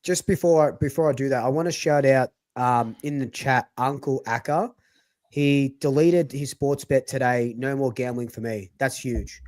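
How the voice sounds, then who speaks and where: A man's voice: medium pitch, moderate pace, a little mellow, dry recording. A man co-hosting a casual football chat, loose and encouraging, swearing now and then. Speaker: co-host.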